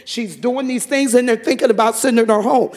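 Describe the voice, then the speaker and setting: A man giving a fervent testimony to a church congregation, telling a story and breaking into shouted praise. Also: very high voice, fairly quick.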